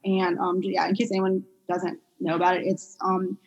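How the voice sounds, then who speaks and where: Woman, pediatric speech therapist guest, casual interview chat, filler-heavy, animated storytelling. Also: fairly low pitch, normal speed.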